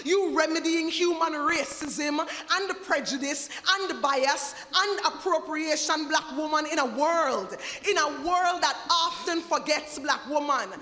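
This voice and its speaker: Woman, stage poet, slow bright chant, reverberant festival hall. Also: high voice. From Jamaica. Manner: rhythmic, incantatory repetition. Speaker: performance poet. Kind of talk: spoken word poetry performance. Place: large indoor event hall.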